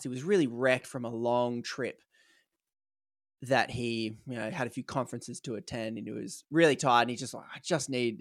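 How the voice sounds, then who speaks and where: A man tells a story in a loose, chatty way, voicing the people in it as he goes. His voice sits at a middle pitch. The recording is dry and close, with no room sound. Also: creaky, no echo. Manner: animated retelling, acting out quoted lines, frequent fillers. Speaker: podcast co-host telling a story. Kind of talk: casual storytelling chat.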